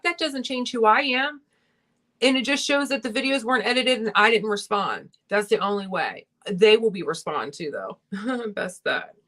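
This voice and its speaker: A young woman chats on a livestream while doing her makeup, her voice sitting a little low. She talks bluntly and heatedly, ranting with frequent swearing. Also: a bit bright. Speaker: beauty vlogger hosting a livestream.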